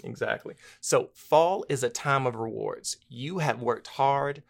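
A man's voice: medium pitch, a little slow, creaky. A man from Washington, D.C. co-hosting a motivational podcast, building his points in rhythmic lists of parallel phrases. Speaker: podcast co-host. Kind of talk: casual motivational podcast chat.

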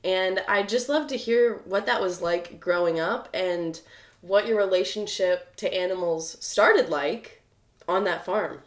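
A woman's voice: medium pitch, measured pace. Bubbly podcast host, woman, laughs often, recorded in an echoey room. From United States. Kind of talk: casual podcast interview.

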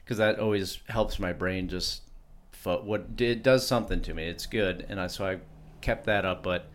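Low-voiced rambling male podcast host. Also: moderate pace. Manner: rambling, self-interrupting, with many restarts. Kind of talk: casual chat.

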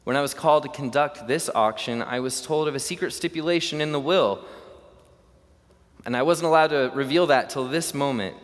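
A man's voice: mid-range voice, normal speed, natural voice. A man voicing a persistent male auctioneer calling out bids, in a reverberant hall recording. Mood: apologetic, explaining.

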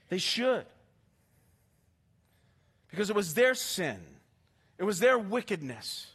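A male pastor preaching a sermon with passion, swinging from hushed, slow lines to emphatic ones. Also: sits high.

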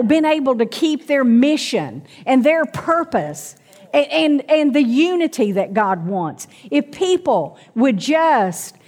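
Middle-aged woman preacher, slightly high voice, slow and deliberate, calls on the congregation, church reverb. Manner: calls out to the congregation, asks for amens. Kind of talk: sermon.

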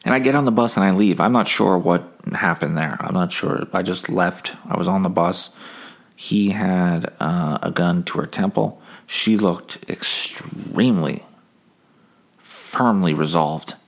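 Gravelly-voiced man spinning comic tales. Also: low voice, measured pace. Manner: rambling, with many fillers and put-on voices. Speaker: podcast host. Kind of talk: comedic storytelling monologue.

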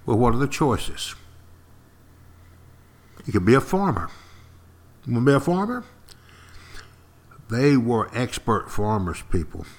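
An older man gives a history lesson in a warm, mid-pitched voice. He leans on key words and says them again for emphasis. He keeps putting questions to his listeners. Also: sing-song, measured pace, long pauses. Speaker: history teacher. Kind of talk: lively classroom-style history talk to podcast listeners.

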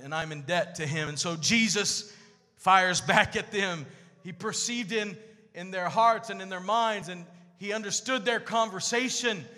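A man preaching a sermon in a church sanctuary, moving from quiet storytelling to loud, sing-song exhortation. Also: sits high, measured pace. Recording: long church hall reverb.

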